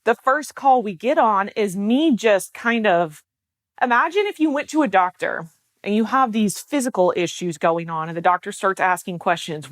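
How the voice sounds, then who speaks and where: A woman's voice: mid-range voice, expressive, normal speed, no room sound. A woman life and mindset coach explaining her work in a casual, chatty way, full of filler words. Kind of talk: casual explanatory talk to camera.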